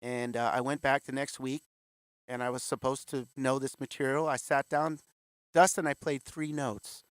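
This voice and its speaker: A man in his fifties appears as an interview guest over a video call, telling his story candidly and acting out the voices of the people he quotes. His medium-pitched voice is flat and moderately paced, and there's no room sound.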